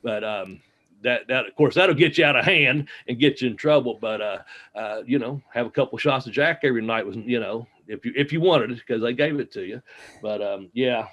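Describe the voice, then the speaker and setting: A man's voice: mid-range voice, fairly quick, a bit bright. A man, a former wrestler, telling rambling road stories in a casual interview, full of fillers and laughter. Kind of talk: casual storytelling. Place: home, smart speaker nearby.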